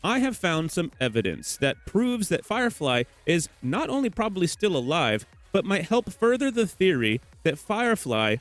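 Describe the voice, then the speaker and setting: A man's voice: sits high, big pitch swings, normal speed, few pauses. A young man who hosts a gaming theory channel, talking casually over game footage in a teasing, rambling way and correcting himself as he goes. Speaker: gaming theory video host.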